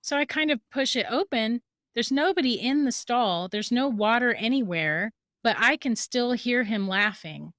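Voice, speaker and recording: A woman's voice: a little high, normal speed, no echo, studio quality. Woman telling a story, laughing along. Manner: lively, laughs through her story. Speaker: guest. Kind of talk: storytelling in a podcast interview.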